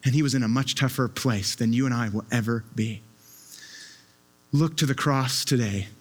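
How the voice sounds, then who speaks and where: A man's voice: mid-range voice, moderate pace. A man preaching a sermon with an impassioned, emphatic delivery, often repeating his words as he presses a point.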